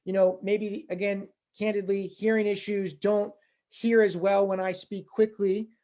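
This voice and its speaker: A fundraising instructor giving a conversational lecture, with many casual fillers, who gets louder and quicker when excited. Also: mid-range voice.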